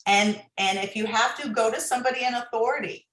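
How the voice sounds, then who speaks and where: A woman's voice: fairly high pitch, fast talker, fairly bright tone. Roomy-sounding woman explaining like a coach. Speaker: author and guest expert. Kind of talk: interview, giving workplace advice.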